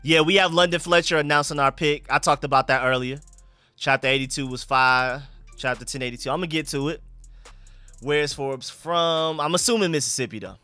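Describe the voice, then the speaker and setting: Bright-voiced man streaming live. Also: on the high side, a little fast, clean tone, dry recording, soft background music. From Atlanta, USA. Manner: relaxed, slangy, bursts of hype calling out picks. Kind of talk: casual live-stream chat reading comments.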